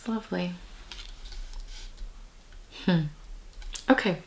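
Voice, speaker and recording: A woman giving a casual tarot reading to camera, musing and meandering, with soft whispered asides. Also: lowish voice, slow, gravelly, noisy background. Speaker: tarot reader.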